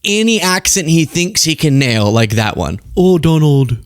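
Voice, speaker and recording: A man's voice: on the high side, very animated, moderate pace, a bit bright, smooth, no echo, studio quality. A man hosting a political commentary show, sarcastic and exasperated, often laughing.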